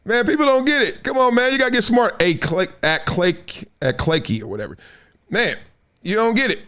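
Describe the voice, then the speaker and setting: Lively male host, joking and slangy, voice rising and falling a lot, slightly higher register. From Southern California. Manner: animated, joking, slangy, teasing the audience. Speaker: show host. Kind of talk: casual commentary livestream.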